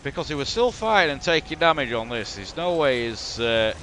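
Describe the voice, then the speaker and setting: A man's voice: medium pitch, very animated, fairly quick, crowd noise. A man with a Yorkshire accent, commentating a replay of his own strategy game in blunt, sweary, exasperated banter. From Yorkshire, England. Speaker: gaming commentator.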